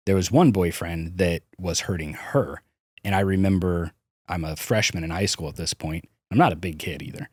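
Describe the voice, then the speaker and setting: Speaking at a normal speed in a low, slightly rough voice, this man is a podcast guest frankly telling personal stories about growing up. He curses openly and keeps stopping to restart his sentences, and the clean studio recording has no room sound.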